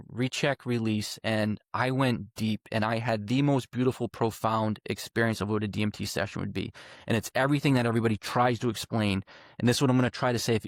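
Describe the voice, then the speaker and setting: A man's voice: lowish voice, no echo, studio quality. A man telling a personal story as a podcast guest, earnest and emphatic, piling up repeated phrases and swearing now and then.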